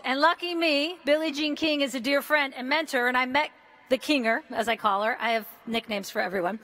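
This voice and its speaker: A woman in her fifties from the United States gives a commencement speech in a large indoor arena, talking in an energetic, casual and joking way, with mild swearing. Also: sits high. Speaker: commencement speaker.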